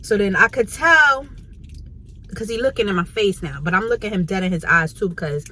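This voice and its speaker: A woman with a New York accent talks through her day in a loose, slangy vlog, blunt and chatty. Her voice sits at a middling pitch. A faint hum of restaurant noise hangs behind her. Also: expressive, brisk, sharp tone. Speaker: vlogger. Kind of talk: casual storytelling vlog. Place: Chinese restaurant, indoors.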